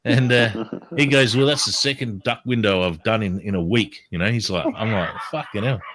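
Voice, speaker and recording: In a lowish voice at normal speed, a man hosting a livestream tells a story casually. He curses constantly, stays animated, and acts out the quotes of the people involved.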